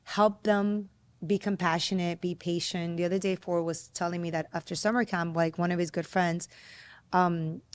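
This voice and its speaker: A woman podcast host telling a family story in a casual conversation, getting animated as she quotes her child. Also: on the low side, normal speed. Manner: storytelling, animated when quoting her son.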